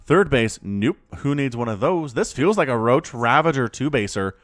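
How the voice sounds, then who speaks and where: A man casting a strategy video game match on his own, excitable and chatty, laughing often and fighting the hiccups. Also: mid-range voice, moderate pace, no echo. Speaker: game commentator. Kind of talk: solo esports play-by-play commentary.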